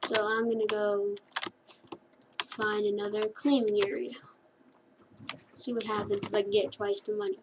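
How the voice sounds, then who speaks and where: A woman's voice: mid-range voice, little pitch movement, measured pace, long pauses. A woman chatting casually as she plays a computer game, rambling and correcting herself as she goes. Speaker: gameplay commentator. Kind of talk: casual gameplay commentary. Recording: keyboard clicks and clear background noise.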